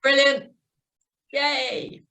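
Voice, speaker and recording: Slow-paced woman coaching a cycling class. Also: sits high, flat delivery, bright, forceful tone. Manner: encouraging, counts a rhythmic tick-tock beat. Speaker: cycling instructor.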